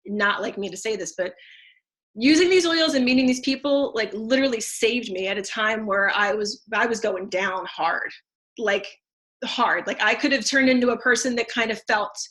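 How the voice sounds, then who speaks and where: A woman's voice: a little high, fairly bright tone. A woman in her thirties talking casually and effusively about how selling essential oils helped her, with many fillers and restarts. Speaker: teacher and essential oils seller. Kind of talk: casual testimonial talk.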